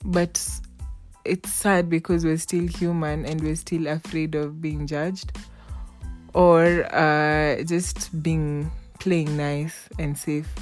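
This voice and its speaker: A woman's voice: sits low, slow pace, faint music behind. A young woman, chatting casually and telling stories, acting out the people she quotes and laughing often. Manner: animated, laughing, acts out quoted voices. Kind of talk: casual storytelling chat.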